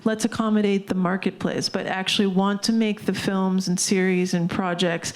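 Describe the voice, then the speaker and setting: A woman's voice: mid-range voice, level tone, normal speed. A woman speaking on a panel in a casual, earnest way, with fillers. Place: gallery talk before a live audience.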